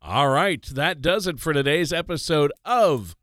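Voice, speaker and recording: A man's voice: a little high, lively intonation, a little slow, a bit bright, no room sound, studio quality. A man co-hosting a radio talk show, speaking in an upbeat way as he wraps up the episode. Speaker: radio co-host.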